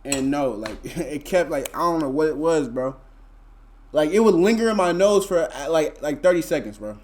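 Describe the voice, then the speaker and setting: A man's voice: a little high, animated, moderate pace, darkish tone. A young man, telling a story to his live chat in a laid-back, slangy, rambling way full of fillers. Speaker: streamer.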